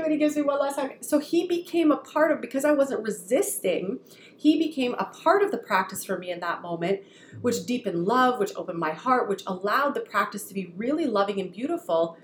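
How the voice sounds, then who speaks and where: A woman on a podcast talks quickly and with lively animation as she tells a story, slipping into the voices of the people she quotes. Her voice sits at an ordinary middle pitch. The room adds a noticeable echo, with faint ambient noise behind her. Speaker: podcast co-host. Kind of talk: casual chat.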